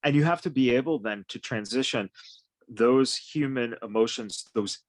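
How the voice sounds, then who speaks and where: A male podcast host rambles through his thoughts in a relaxed, unpolished way, cursing casually as he goes. His voice is mid-pitched and sits very close and dry on the mic, with no room sound around it. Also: moderate pace, no echo. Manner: loose and rambling, swears freely. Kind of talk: casual conversation.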